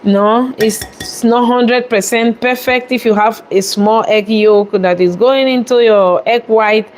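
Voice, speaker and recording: A woman chef hosting a live cooking demonstration from a restaurant kitchen, chatty and quick to laugh as she talks viewers through each step. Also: on the high side, fairly even intonation. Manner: chatty, laughs often, warmly thanks viewers.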